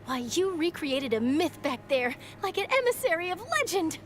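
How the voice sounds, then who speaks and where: An actress playing an eager, chatty young female journalist in a video game, speaking brightly. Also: very high voice, normal speed. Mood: upbeat. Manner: bright, lively, flattering.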